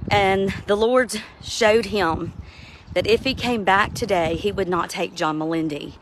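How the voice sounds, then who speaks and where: A woman speaks slowly in a mid-range voice, sharing a personal testimony in an earnest, heartfelt way. She sounds like a devotional speaker talking straight to her listeners. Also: mid-range voice, fairly even intonation, slight background noise.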